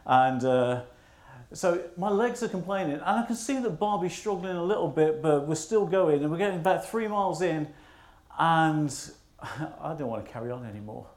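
A man's voice: fairly high pitch, animated, normal speed, darkish tone, roomy sound. A man, a minister telling a funny personal story in a sermon, poking fun at himself. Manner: humorous, self-mocking storyteller.

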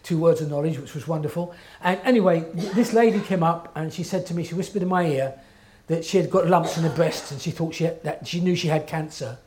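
A man's voice: fairly high pitch, a little fast, a little mellow, a little hiss or hum. A man preaching a sermon in an earnest, emphatic way, often checking in with his listeners.

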